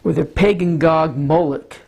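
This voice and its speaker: Hoarse from allergies, this pastor gives a sermon lesson with a map, clearing his throat and making frequent small stumbles in his measured teaching. His voice is scratchy and slightly high-pitched, with a gravelly, husky edge and a darkish tone.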